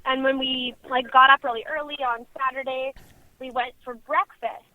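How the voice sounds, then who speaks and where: A woman's voice: high voice, fairly even intonation, normal speed, phone-quality sound. A woman, a radio co-host telling rambling stories in casual chat, full of "like". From Canadian prairies. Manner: chatty rambling storyteller, many "like"s.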